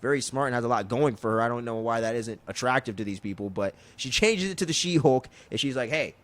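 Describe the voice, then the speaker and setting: A man with a mid-range voice recaps a show episode in relaxed podcast chat. He tells it loosely and with plenty of swearing. He slips into quick character impressions as he goes. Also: mid-range voice. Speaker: podcast co-host.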